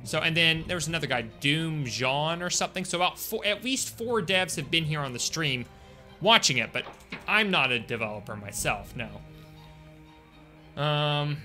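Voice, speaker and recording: Young male streamer, loose and jokey, chatting with viewers over gameplay, higher-pitched voice. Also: expressive, moderate pace, sharp tone, faint music behind. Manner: chatty, jokey, talks to chat. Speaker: game streamer. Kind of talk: casual gameplay commentary.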